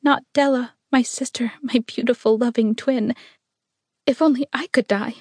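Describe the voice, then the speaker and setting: A woman's voice: a little high, a little slow, a little mellow, no echo. A woman reading aloud voices a tender, passionate young woman who speaks in a pleading, quivering way, in a raised voice. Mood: anguished. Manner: pleading, tremulous.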